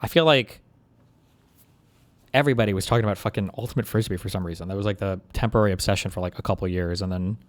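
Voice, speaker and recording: Low-voiced fast man streamer. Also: no room sound. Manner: rambling, crude asides. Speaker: streamer reacting to a video. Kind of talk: live reaction commentary.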